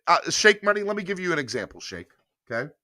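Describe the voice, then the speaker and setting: A man in his thirties from rural North Carolina, hosting a casual sports podcast and telling stories with animated emphasis. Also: fairly high pitch, fast talker, no room sound, studio quality. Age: 30s.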